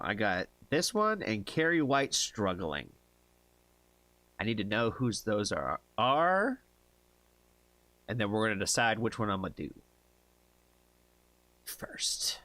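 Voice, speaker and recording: A man's voice: on the low side, sharp tone, no echo. A man from the United States hosting a casual livestream, chatty, laughing often and tripping over hard names. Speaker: livestream reaction host.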